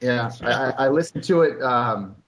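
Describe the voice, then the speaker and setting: A man's voice: mid-range voice, lively intonation, normal speed, crowd noise, rough recording. A man from California, filling in as guest co-host, easygoing and good-humored in casual chat. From Sacramento, California.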